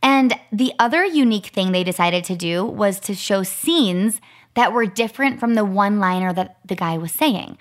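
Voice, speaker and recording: A woman in her thirties, co-hosting a podcast, tells a story in a chatty, casual way, sprinkling in lots of "like." Her voice sits in the mid range, animated and at a moderate pace.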